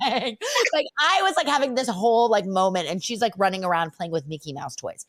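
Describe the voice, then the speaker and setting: A woman's voice: medium pitch, fast, no echo. A woman hosting a podcast, telling a story with lots of "like" fillers and acting out the voices of the people in it. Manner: lively, acts out quoted voices, many "like" fillers. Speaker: podcast host. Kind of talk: animated storytelling in casual chat.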